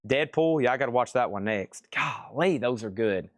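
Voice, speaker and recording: A man's voice: medium pitch, lively intonation, normal speed, no room sound. A man hosting a live record sale stream, calling out lots and start prices, rambling and joking between auctions. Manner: rambling, joking, self-deprecating. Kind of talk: livestream auction chatter.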